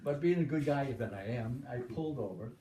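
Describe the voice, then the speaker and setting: An older man from the Boston area spins rambling, folksy stories and keeps chuckling along the way. His voice comes from a distance, caught by a camera mic across a room. The room is echoey and has steady background noise behind him. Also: mid-range voice, fairly quick. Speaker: storyteller. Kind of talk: casual anecdote telling.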